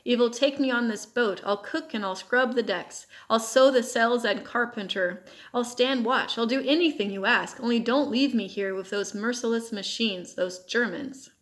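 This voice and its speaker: A woman's voice: fairly high pitch, moderate pace, close to an everyday voice. A woman reading the lines of a desperate young male captive soldier in a storybook, pleading and insistent.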